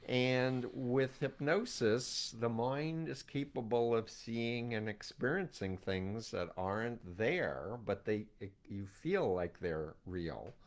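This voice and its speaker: An older man hosting a conversational interview, talking about his work and telling stories in an animated way. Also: medium pitch, slow, few pauses. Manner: animated storytelling, acts out quoted voices. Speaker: host, cult expert.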